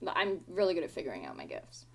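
A woman's voice: fairly low pitch, wildly swooping pitch, quick pace, vocal fry. An Australian woman in her twenties co-hosting a podcast, chatty and giggly, rambling with lots of "like". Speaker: podcast co-host. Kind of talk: casual chat.

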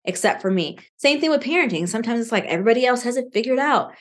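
A woman in her thirties, a podcast guest, telling lively stories and acting out the quotes she recalls. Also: on the high side, rapid-fire. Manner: animated storytelling, acts out quotes. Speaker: podcast guest, financial coach. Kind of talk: casual podcast interview.

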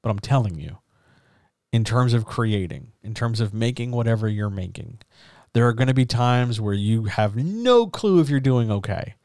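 A man's voice: mid-range voice, animated, normal speed, darkish tone, no echo, studio quality. A man talking casually as a writing coach, frank and reassuring, swearing now and then as he gives advice.

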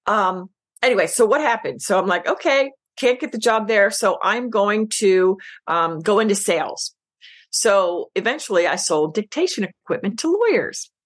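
A middle-aged woman, a business coach, telling her story as a podcast guest, emotional and animated, acting out quoted lines. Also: on the low side. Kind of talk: casual interview chat.

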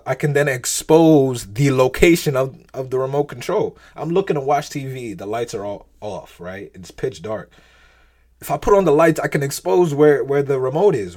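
A man's voice: medium pitch, a little mellow. Rambling man giving an informal faith talk. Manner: rambling, restarts often, keeps asking "right?" and "you know what I mean?"; laughs lightly between thoughts.

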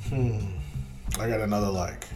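A man chatting casually about movies in an animated, profane way, acting out scenes as he retells them. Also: on the low side, normal speed, over music.

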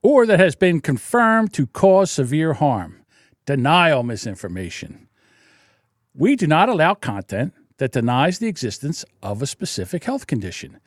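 A man's voice: fairly high pitch, big pitch swings, moderate pace, no echo, studio quality. A man hosting his own podcast, ranting in a sarcastic, indignant way and laughing often. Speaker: podcast host. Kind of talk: solo podcast livestream rant.

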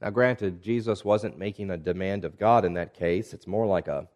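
A man preaching a sermon in a measured, reflective way, asking rhetorical questions of his listeners. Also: deep voice, darkish tone, muffled recording. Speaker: pastor.

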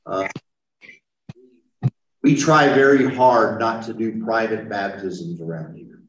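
A man's voice: on the low side, animated, slow, long pauses, fairly bright tone, slight background noise. A man who is a pastor, leading a conversational Bible study with a group and answering their questions as he explains. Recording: roomy, mic far from speaker.

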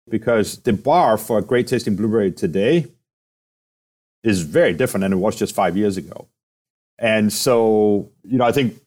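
This lowish, slightly mellow male voice belongs to a company president being interviewed. He goes into long explanations and tends to wrap up each point by asking "right?" or "okay?" in a conversational way.

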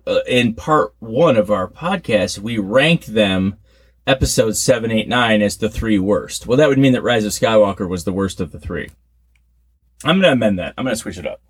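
A man co-hosting a podcast, chatting casually and poking fun at himself. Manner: chatty, self-mocking, animated swings in pitch. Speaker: podcast co-host.

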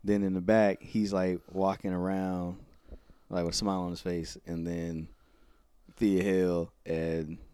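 Low, mellow-voiced podcast host. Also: male voice, flat delivery, measured pace, smooth, no echo. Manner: recaps scenes by acting out quoted lines. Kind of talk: casual wrestling recap chat.

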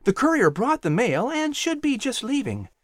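An audiobook narrator voicing a kind, knowing colonial mother who speaks gently and indulgently. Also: medium pitch, sing-song, moderate pace, no room sound, clean studio sound, pitched above the performer's own voice. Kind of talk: audiobook character voice.

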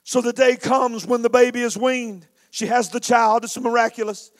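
A man's voice: very high voice, steady tone, moderate pace, few pauses. A man preaching a storytelling sermon with a dramatic, emphatic delivery.

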